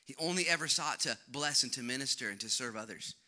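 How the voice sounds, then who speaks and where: Middle-aged male pastor, very bright tone, conversational jokey sermon delivery. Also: mid-range voice, fast. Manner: energetic, conversational, jokey, with big swings in loudness.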